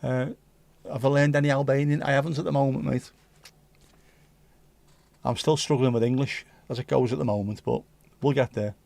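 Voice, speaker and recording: A man's voice: mid-range voice, steady tone, moderate pace, gravelly, a little mellow, no echo. A man hosting a casual livestream, reading out viewer comments with jokey banter and slipping into bits of Dutch and Spanish. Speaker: livestream host.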